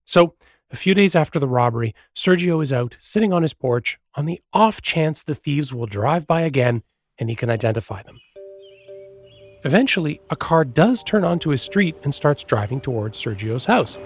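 A man's voice: fairly high pitch, expressive, husky, faint music behind. Man narrating a feature story. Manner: measured storytelling. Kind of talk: scripted narration.

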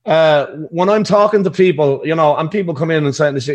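A man's voice: a little high, brisk. A man with an Irish accent, a pub band musician, chatting casually on a podcast and laughing often.

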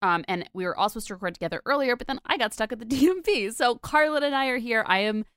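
A woman's voice: a little high, expressive, fast, a bit bright, clean tone, dry recording, studio quality. Chatty young woman hosting a podcast. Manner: chatty, rambling, many fillers and laughs. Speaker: podcast host. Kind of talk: casual podcast chat.

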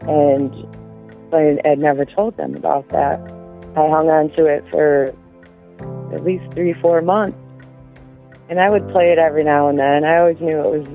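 A woman recounting events in an interview, speaking haltingly with frequent pauses. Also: deep voice, fairly even intonation, soft background music. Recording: tinny phone-line audio.

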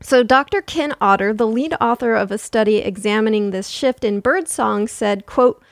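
A woman's voice: fairly high pitch, moderate pace, creaky, dry recording, studio quality. A woman co-hosting a casual comedic chat, giggling often and reading quotes aloud with jokes. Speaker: podcast co-host.

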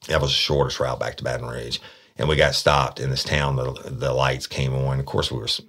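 A man's voice: a bass voice, a little fast, breathy edge. A man telling a true-crime story from his days as a detective, blunt and profane, acting out the people he quotes. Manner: blunt, profane, animated when quoting people. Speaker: podcast storyteller, former detective.

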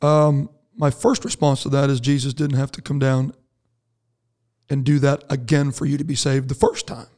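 Pastor explaining scripture on a podcast. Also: male voice, medium pitch, flat delivery, moderate pace, mellow. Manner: thoughtful, explains scripture step by step. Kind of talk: casual podcast chat.

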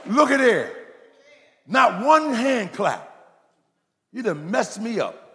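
A male pastor delivers a sermon with a folksy, joking storytelling manner, teasing his congregation. His voice is gravelly with some fry and sits fairly high. The sound rings with the long reverb of a big church hall. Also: big pitch swings, slow, pushed and bright. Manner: folksy preacher, playful storytelling, calls out to the congregation.

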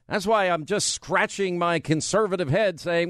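A man hosting a radio talk show, brash and combative, talking fast in a studio. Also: sits high, a bit bright, no room sound. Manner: brash, combative, rapid-fire. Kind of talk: talk radio monologue and live reads. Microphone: studio microphone.

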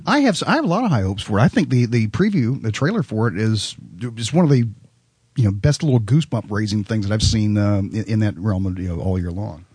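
A man's voice: fairly low pitch, animated, quick pace, a little mellow, husky, dry recording. A man talking in a casual podcast chat, with dry wit and hesitant fillers as he thinks aloud.

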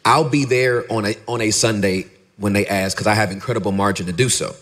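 A middle-aged man, a pastor and podcaster, talking candidly in an interview and acting out his stories with lively dialogue. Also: fairly quick. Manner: animated storyteller, acts out dialogue in a high voice.

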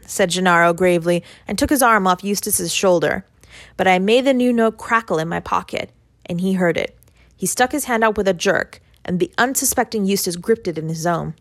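A woman narrating a classic short story as an audiobook, in a measured, even reading. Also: medium pitch, dry recording. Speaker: audiobook reader.

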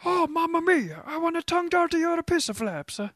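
A man's voice: very high voice, very animated, brisk, fairly bright tone, no echo, studio quality, voice pushed up, full character voice. A man doing a hammy cartoon Italian guy. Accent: exaggerated put-on Italian. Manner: hammy, sing-song.

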